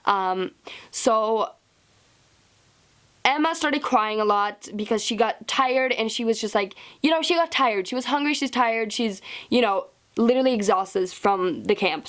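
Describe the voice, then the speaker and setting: A woman's voice: fairly high pitch, lively intonation, normal speed, a bit bright. A woman telling a storytime vlog in a casual, chatty way, swearing freely. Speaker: vlogger.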